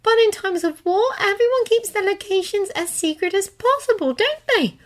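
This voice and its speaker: A woman voicing a caring teenage girl witch who speaks softly and soothingly. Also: extremely high pitch, animated, normal speed, voice pushed up. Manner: soft and soothing.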